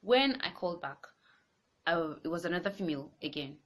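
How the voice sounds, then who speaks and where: Animated woman telling a story. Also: on the low side, a little fast. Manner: animated, rising into exasperated outbursts. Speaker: vlogger. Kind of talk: casual storytelling to camera.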